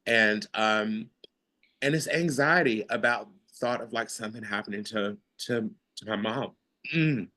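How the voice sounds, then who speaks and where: Guy hosting a mindfulness group on a video call, bright forceful voice, kinda rambly, laughs a lot. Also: lowish voice, measured pace. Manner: rambling, laughs often, lots of fillers. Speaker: host sharing in a mindfulness class. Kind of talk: casual, heartfelt group sharing.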